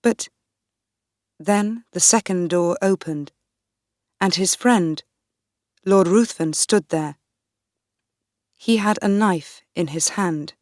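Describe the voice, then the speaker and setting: A woman narrating a graded reader for learners in a slow, deliberate, clear reading. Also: mid-range voice, a little mellow, no room sound, studio quality. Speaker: audiobook narrator.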